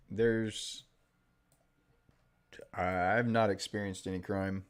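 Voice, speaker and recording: A man with a very low voice talks through a live trading session. He's offhand and unhurried, thinking aloud as he points out setups on the charts. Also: fairly even intonation. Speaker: trading livestream host. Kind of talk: casual live-stream commentary.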